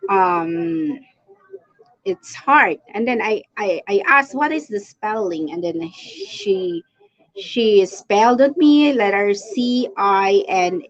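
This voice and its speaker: A woman's voice: on the high side, highs cut off. A woman from the Philippines with a Filipino accent, chatting casually on a live stream and greeting her viewers. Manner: chatty, greets viewers and reads their comments aloud.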